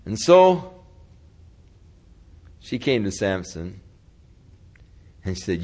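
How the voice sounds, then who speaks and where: A man's voice: on the low side, big pitch swings, extremely slow, a little mellow, husky. A male pastor telling a story in a casual, folksy sermon style during a weekly Bible study. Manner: casual, folksy retelling with chuckles.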